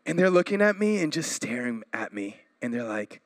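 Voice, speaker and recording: A pastor in his thirties from Florida, preaching a sermon with energetic swings in pitch and volume and playful asides. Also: normal speed, dry recording.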